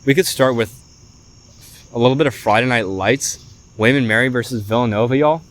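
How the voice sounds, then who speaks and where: A young man with a drawl talks through a solo sports podcast in a chatty, animated way at a middle pitch. He tosses in "y'all" as he runs down his picks. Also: brisk. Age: young adult. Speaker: podcast host. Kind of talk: casual sports podcast monologue.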